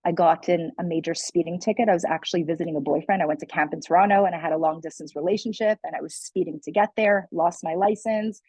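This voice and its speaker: A woman's voice: on the low side, fast talker, few pauses, darkish tone, husky, no room sound, low-quality recording. A young adult woman, a guest speaker, telling her personal story in a candid, earnest way with many "like" and "you know" fillers. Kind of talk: personal testimony in a conversation.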